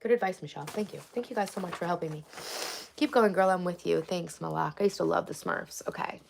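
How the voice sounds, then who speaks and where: A woman's voice: fairly low pitch, quick pace, vocal fry, noisy background. A woman hosting a casual livestream, teary and crying on and off, talking candidly and reading viewer comments aloud. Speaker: livestream host.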